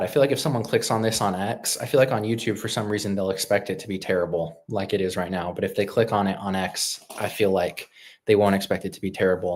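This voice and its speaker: Rambling, opinionated male streamer, lowish voice. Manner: rambling, opinionated, frequent fillers and restarts. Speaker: live stream host. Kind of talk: casual live stream chat.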